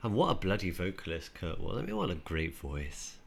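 A man's voice: low voice, wildly swooping pitch, fairly quick, vocal fry, slightly rough. A man hosting a music podcast, mostly reacting with short remarks and asking questions in a casual chat. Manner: reactive, brief interjections.

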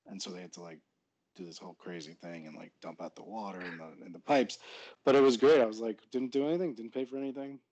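Casting: man, slightly low voice, relaxed halting conversational delivery. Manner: loose, halting talk with many fillers. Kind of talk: casual chat.

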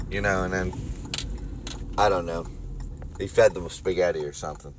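A man with a Philadelphia accent hosting a solo podcast from his car, rambling crudely and jokingly between loud bursts and mutters. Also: low-pitched, moderate pace, long pauses, slight background noise. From Philadelphia area. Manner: rambling, crude, jokey, swings loud and quiet. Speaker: podcast host. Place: car on the road.

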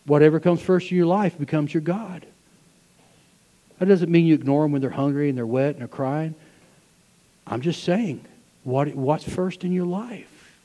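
A man preaching a sermon to his church, swinging between loud, fervent passages and hushed asides. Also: fairly high pitch, moderate pace, pauses often, in a large hall. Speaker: pastor. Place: church sanctuary.

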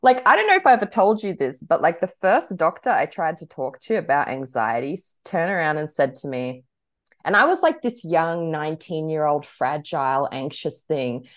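Young woman, podcast co-host: low pitch, bubbly, laughing, loose chatty delivery. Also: very animated. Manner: bubbly, laughs often, talks in quick bursts with many fillers. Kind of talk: casual chat.

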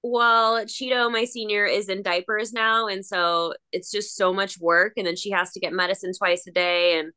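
A woman's voice: mid-range voice, fairly even intonation, normal speed, hardly any pauses, bright, forceful tone, clean tone. A woman, an actress, chatting as a podcast guest in an upbeat, gushing way, acting out little voices in her stories. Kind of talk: casual interview chat.

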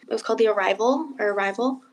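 Young woman, podcast co-host, casual chat, animated storyteller who acts out her quotes, on the higher side. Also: very fast. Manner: animated storytelling, acting out quotes with big pitch jumps.

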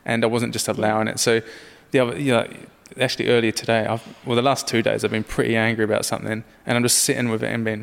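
Gravelly dude hosting a podcast, super laid back, lots of yeah yeahs, room echo. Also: male voice, medium pitch, steady tone, fast, few pauses. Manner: laid-back, chatty, backchannels a lot. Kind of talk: casual podcast conversation.

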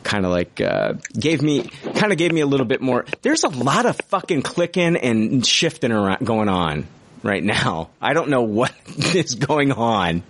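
A man's voice: medium pitch, big pitch swings, measured pace, a bit bright, no echo. A man hosting a show, chatting casually about a movie, rambling with restarts, swearing freely and laughing at himself. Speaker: podcast host reviewing movies. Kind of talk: casual chat.

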